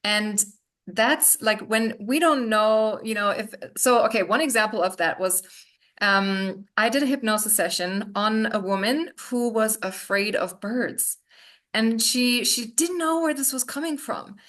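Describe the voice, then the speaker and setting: Guest: woman healer, confident and emphatic, fairly high voice, casual video-call chat. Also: measured pace, a bit bright. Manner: confident, emphatic, laughs easily. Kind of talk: casual podcast conversation.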